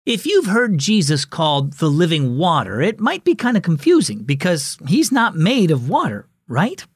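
A man's voice: on the high side, huge pitch swings, normal speed, slightly rough, no room sound. Guy hosting a kids devotional, bouncy upbeat delivery, dry close mic. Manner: warm, encouraging, addresses kids directly. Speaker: children's devotional host. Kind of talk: scripted narration.

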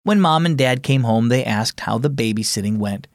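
A man's voice: mid-range voice, expressive, normal speed, no room sound, studio quality. A man hosting a children's devotional program, reading scripted narration and asking the listener friendly questions.

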